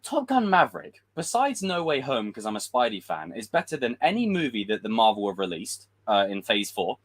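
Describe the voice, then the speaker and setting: A man's voice: mid-range voice, huge pitch swings, a little fast. A man giving a casual, frustrated livestream rant as a film commentator, swearing and acting out quotes.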